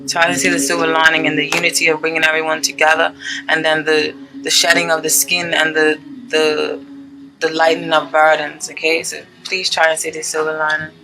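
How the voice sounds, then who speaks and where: A woman's voice: deep voice, monotone, a little fast, creaky, music in the background, rough recording. A woman giving a casual tarot reading to her viewers, chatty and gushing, checking in with "okay?" often. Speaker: tarot reader.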